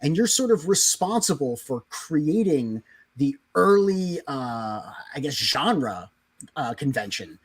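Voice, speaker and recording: A man's voice: a little high, big pitch swings, slow pace, slightly rough, no echo. A man co-hosting a livestream, interviewing a guest in a joking way with lots of "uh" and "you know". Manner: playful, full of "uh" and "you know". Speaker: livestream co-host.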